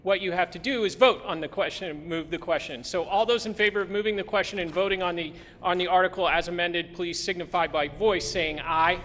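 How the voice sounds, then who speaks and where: Moderator, man with a high voice, formal and procedural, booming hall reverb, faint background hiss. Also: steady tone, brisk, hardly any pauses. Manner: procedural, reads warrant text aloud. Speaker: meeting moderator. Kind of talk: formal town meeting chairing. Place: town meeting hall.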